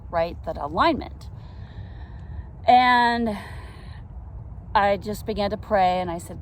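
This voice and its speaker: A middle-aged woman speaks slowly and earnestly, reflecting on a personal experience in a casual storytelling way. Her voice sits a little low, and a faint outdoor hum from the park runs behind her. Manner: earnest, reflective, with soft laughs. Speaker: vlogger telling a faith story.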